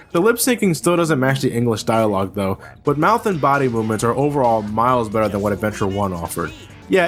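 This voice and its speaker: A man doing a comedic, scripted video game review voice-over, ranting with plenty of swearing and breaking into sudden exasperated shouts. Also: mid-range voice.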